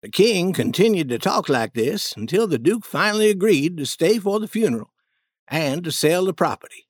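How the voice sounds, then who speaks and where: Male storybook narrator, steady first-person telling, animated pitch, dry booth. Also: moderate pace, dry recording.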